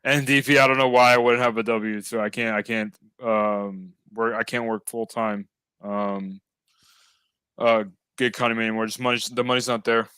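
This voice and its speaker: A man talks in easy, rambling conversation, full of fillers and restarts. His voice is smooth and resonant. It sounds close and dry, with no room around it. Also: medium pitch, flat delivery, normal speed, pushed and bright, no echo. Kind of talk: casual chat.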